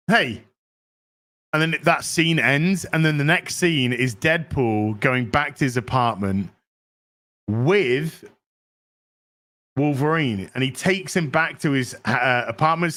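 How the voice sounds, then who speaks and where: Male podcast host, bright tone, loose excited movie recap, profane and filler-heavy. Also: medium pitch. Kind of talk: casual movie recap chat.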